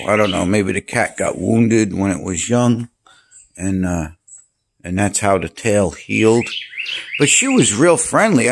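A man's voice: fairly low pitch, gravelly, a little hiss or hum. A man filming his cat at home with a handheld camera. He coos to her in baby talk, then rambles through a story. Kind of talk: casual home video. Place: home with a screened-in porch.

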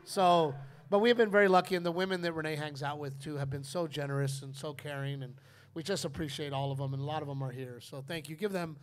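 A middle-aged man hosting a live podcast, telling stories in an animated, profane way. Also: a little high, fast. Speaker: comedian podcast host. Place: live audience at a distillery.

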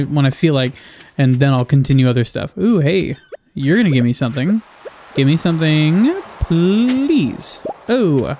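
A young man with a fairly high, darkish voice rambles through casual let's-play commentary for his gaming videos. He's sarcastic, swears a lot, and often cuts himself off mid-sentence.

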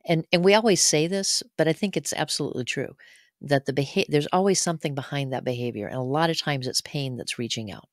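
A man hosting a podcast who speaks earnestly and in a halting way, often repeating words. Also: on the high side, dry recording, studio quality. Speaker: podcast host. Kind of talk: conversational interview.

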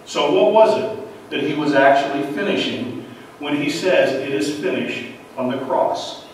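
A man's voice: a little high, animated, measured pace. A middle-aged male pastor preaching with a slightly raised voice, hammering his points home through rhetorical questions and repetition. He is picked up from a distance in a big, echoing church hall with long reverb. A faint hiss of room noise sits behind him. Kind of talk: sermon. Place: church sanctuary.

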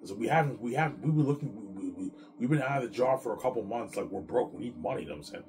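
A man chatting casually on his vlog, rambling excitedly and stumbling over repeated words. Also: mid-range voice, rapid-fire, a little hiss or hum. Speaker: vlogger. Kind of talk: casual chat. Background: music.

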